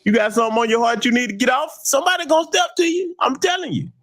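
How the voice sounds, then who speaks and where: A man hosting a heated commentary broadcast, talking in an emphatic, taunting, loud way. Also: very high-pitched, steady tone, very fast. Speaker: host.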